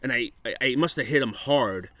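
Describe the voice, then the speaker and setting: A man telling a bar story in casual chat, profane and animated, acting out what people said. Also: mid-range voice, brisk, no echo.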